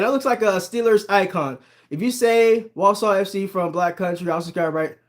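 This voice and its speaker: A man from Ohio hosting a casual livestream about sports, chatting with viewers, reading their comments aloud and laughing often. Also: high-pitched. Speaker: sports channel host.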